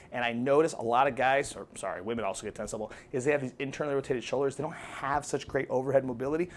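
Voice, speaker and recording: With slight background noise behind his medium-pitched voice, a male fitness coach walks viewers through foam rolling in a relaxed instructional demo. His tone stays cheerful and talkative, full of jokes, and he keeps asking "okay?" while demonstrating.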